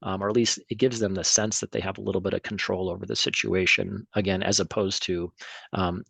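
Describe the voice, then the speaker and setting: A middle-aged man giving a relaxed presentation to an audience, hesitant with many ums and restarts, clearing his throat now and then. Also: low voice, a little fast, no room sound. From United States. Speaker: emergency physician and tennis official giving a talk.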